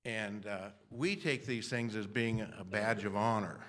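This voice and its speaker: A man's voice: on the low side, moderate pace, hardly any pauses, a bit bright. Older male preacher, loose rambling sermon delivery, frequent restarts. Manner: rambling, self-deprecating, frequent restarts and throat clearing.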